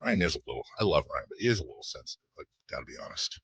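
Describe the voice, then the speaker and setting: A very deep-voiced man hosts sports talk radio, racing through animated, rambling on-air chat and cutting himself off as he goes. His voice has a breathy edge, and the studio microphone gives a dry recording.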